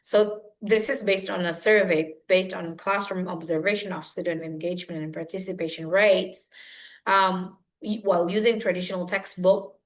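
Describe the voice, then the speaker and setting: A woman's voice: on the low side, steady tone, moderate pace. A woman giving a webinar presentation to teachers, with many hesitant fillers, over a video call. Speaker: English teacher presenting a workshop.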